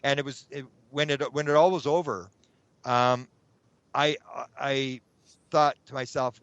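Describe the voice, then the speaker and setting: A man's voice: medium pitch, normal speed, dry recording. A middle-aged man, telling a long story as a guest and acting out his own thoughts along the way. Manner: animated, acts out his own past thoughts. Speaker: guest, UFO researcher. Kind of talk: rambling anecdotal storytelling. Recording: dull lo-fi sound.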